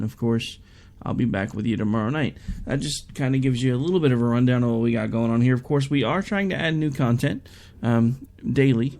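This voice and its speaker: Gravelly male internet radio host. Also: mid-range voice, warm tone. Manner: rambling, folksy and self-deprecating. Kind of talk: casual radio show talk.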